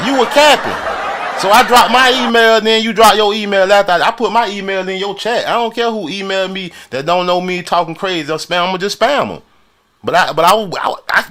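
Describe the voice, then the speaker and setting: Guy from florida arguing on a live stream, pitched high, boastful and repetitive. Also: sharp tone. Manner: boastful, repetitive, laughing challenges. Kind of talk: heated live-stream debate.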